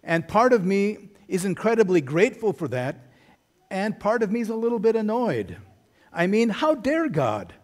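A middle-aged man gives a sermon in a slightly high voice, telling stories with wry humor. He preaches in an easy, conversational way, as a pastor talking to his congregation. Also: sing-song, normal speed.

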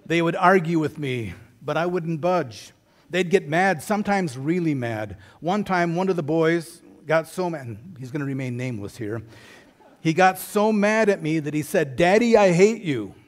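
A man's voice: fairly high pitch, expressive, normal speed. A middle-aged man preaching a sermon as a pastor, in a conversational storytelling manner with wry humor.

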